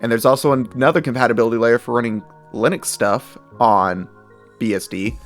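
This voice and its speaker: A young man giving casual, chatty commentary as he reacts to memes, with frequent laughs and animated asides. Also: mid-range voice, a little fast, soft background music.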